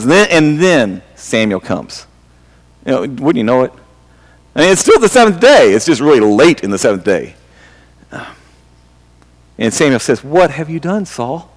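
A man with a high voice preaching a sermon, his words ringing out in a hall with a long echo. He talks to his congregation like he is having a conversation, stumbling and starting over, and throws in questions for them. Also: a bit bright. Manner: conversational preaching with many restarts and rhetorical questions. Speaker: pastor.

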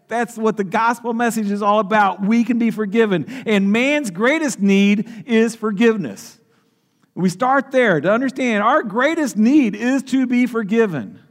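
Casting: male pastor, high voice, preaching a sermon with repeats and restarts, long echo of a big church hall.

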